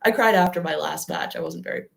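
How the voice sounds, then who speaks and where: A woman's voice: lowish voice, quick pace, vocal fry, fairly bright tone. A young adult woman, a guest athlete on a podcast, talking casually and reflectively with lots of "like" fillers. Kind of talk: podcast interview.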